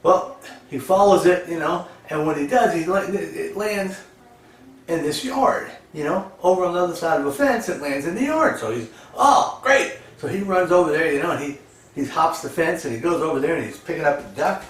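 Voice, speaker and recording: A man's voice: on the high side, fairly quick. A man telling old jokes in a rambling way, full of "you know" and laughing at his own punchlines. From United States. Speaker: joke teller. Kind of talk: casual joke telling. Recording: echoey room, voice a bit far from the mic.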